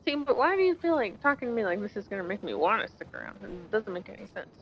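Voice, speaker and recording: A woman's voice: medium pitch, sing-song, fast talker, vocal fry, a little hiss or hum. A woman roleplaying an exasperated wife, sarcastic and cutting. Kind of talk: in-character roleplay argument. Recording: dull in-game radio channel.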